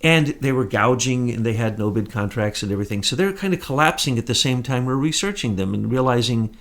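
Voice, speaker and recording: A man's voice: mid-range voice, expressive, brisk, a bit bright. A man hosting an online commentary show, talking casually and emphatically to viewers with rambling asides.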